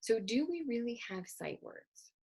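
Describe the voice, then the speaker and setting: A woman's voice: on the high side, very animated, a little slow, gravelly, darkish tone, husky. A woman literacy educator giving an explanatory lecture in a conversational way, often asking rhetorical questions.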